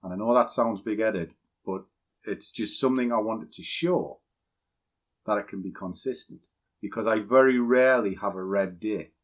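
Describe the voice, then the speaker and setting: A man's voice: fairly low pitch, moderate pace. An older man, a trading educator who talks bluntly and rambles in a casual, opinionated way before walking through a chart on screen. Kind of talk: casual rambling talk, then screen walkthrough.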